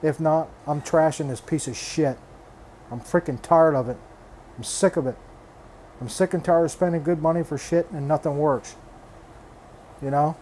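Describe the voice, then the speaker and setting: A man's voice: a little high, steady tone, normal speed, pauses often, darkish tone, a little hiss or hum. An older man venting bluntly and with exasperation on his hobby vlog, swearing freely and restarting his phrases. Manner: repeats himself, restarts phrases. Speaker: reef aquarium hobbyist vlogger. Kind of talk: frustrated casual rant.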